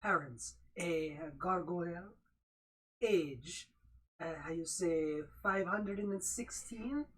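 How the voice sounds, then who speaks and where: A woman voicing a vain, perfectionist male gargoyle designer in a put-on French accent, halting as she hunts for words. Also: lowish voice, rough recording. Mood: haughty.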